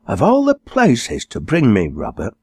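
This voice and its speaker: A man's voice: medium pitch, huge pitch swings, unhurried, a little mellow, husky, dry recording, studio quality, voice pushed up, full character voice. A man voicing a snobbish, disdainful middle-aged woman in an audiobook. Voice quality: disdainful, complaining.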